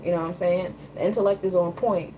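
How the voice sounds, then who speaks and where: A woman's voice: on the low side, fairly even intonation, quick pace, warm tone, a little hiss or hum, rough recording. Woman giving a casual tarot reading. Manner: loose, conversational, repeats "you know what I'm saying". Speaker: tarot and astrology reader.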